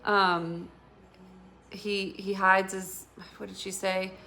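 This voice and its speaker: A woman's voice: mid-range voice, little pitch movement, slow pace, bright, forceful tone. A woman giving a casual intuitive tarot reading, talking in a rambling, earnest and emotional way with many fillers. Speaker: tarot reader.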